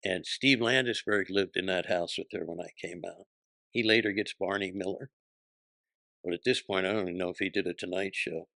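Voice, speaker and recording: Male comic guest, bright edgy tone, animated raconteur who slips into other people's voices. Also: low voice, a little fast, gravelly, no room sound. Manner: animated, acts out quoted voices. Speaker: comedian guest. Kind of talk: storytelling anecdotes.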